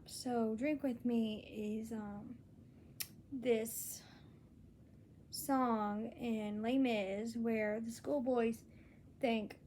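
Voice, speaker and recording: A woman's voice: on the high side, mellow, a little hiss or hum. A young woman talking in a casual solo vlog, earnest and rambling, with many restarts. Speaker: vlogger.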